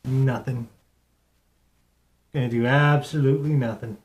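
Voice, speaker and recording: A young adult man hosting a casual live internet radio show, cooing softly in baby talk to his cat between announcements. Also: medium pitch, steady tone, a little slow.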